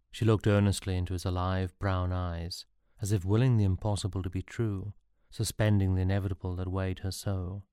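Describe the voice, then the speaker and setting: Male audiobook narrator, low pitch, mellow warm tone, dry close sound. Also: little pitch movement, normal speed, no room sound.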